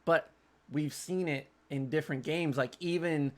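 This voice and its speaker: Animated, slightly high-voiced male podcast host. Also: unhurried. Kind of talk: casual sports podcast chat.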